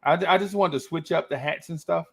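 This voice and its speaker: A man's voice: a little high, brisk, gravelly. A man hosting a casual live-stream chat, reading viewer comments aloud in a playful way and often repeating his own phrases. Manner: playful, laughs easily. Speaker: host of a fan talk stream.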